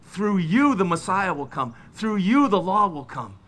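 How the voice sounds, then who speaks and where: A middle-aged man preaching a sermon, retelling biblical scenes with lively, dramatic delivery. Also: sits high, unhurried. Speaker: pastor.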